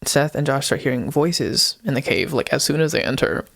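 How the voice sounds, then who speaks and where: A man's voice: medium pitch, animated, brisk, creaky, fairly bright tone, no echo. A young man, a podcast co-host, recapping a story casually with lots of "like" and "um". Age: young adult. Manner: rambling, heavy use of "like" and "um".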